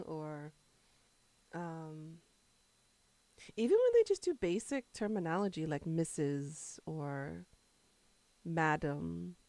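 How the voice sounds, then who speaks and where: A woman's voice: on the low side, darkish tone, dry recording. A woman streamer chatting casually with her viewers, rambling between topics and answering chat while she eats.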